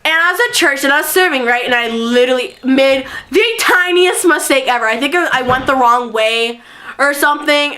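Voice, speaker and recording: High, bright, giggly woman vlogger. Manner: giggly, excitable chatter. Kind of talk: storytime vlog.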